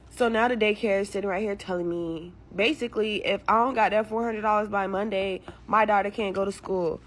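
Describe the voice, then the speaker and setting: A young woman venting about her struggles in a blunt, frustrated way, cursing heavily as she tells her story. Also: medium pitch. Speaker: caller telling her story.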